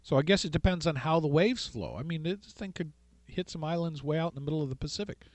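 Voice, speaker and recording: Animated high-voiced male radio host. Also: quick pace, no room sound. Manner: animated, retells stories acting out voices. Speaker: radio talk show host. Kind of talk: call-in radio talk, storytelling.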